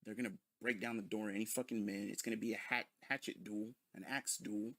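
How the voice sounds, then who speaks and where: A man's voice: fairly low pitch, fairly even intonation, fairly quick, a bit bright, no echo. A man ranting in a sarcastic, mocking commentary full of profanity. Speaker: commentary video host.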